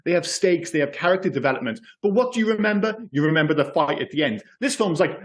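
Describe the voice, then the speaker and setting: Ranting man, slightly high voice. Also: quick pace, hardly any pauses. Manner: animated, swears often, goes off on rants. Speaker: podcast co-host. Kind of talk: casual movie chat.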